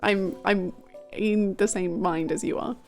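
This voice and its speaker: A woman's voice: mid-range voice, steady tone, unhurried, creaky, darkish tone, faint music behind. A woman live-streaming, chatting casually with her viewers, gushing and swearing freely. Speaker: game streamer.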